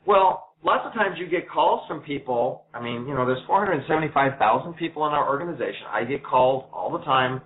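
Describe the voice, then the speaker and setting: A man answers interview questions in a brisk, storytelling way. He slips into the voices of the people he quotes. The sound is thin and tinny, like a phone line. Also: a little high, animated. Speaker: interview guest.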